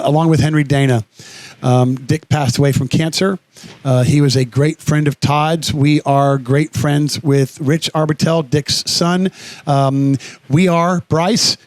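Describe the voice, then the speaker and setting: Male radio co-host, casual, earnest and rambling, blunt when he swears, fairly high voice, dead-dry studio sound. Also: no echo.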